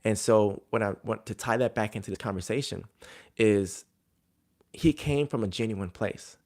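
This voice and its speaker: Low-voiced casual coach giving advice. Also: male voice, moderate pace, a little mellow. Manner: conversational, filler-heavy storytelling. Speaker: jump coach.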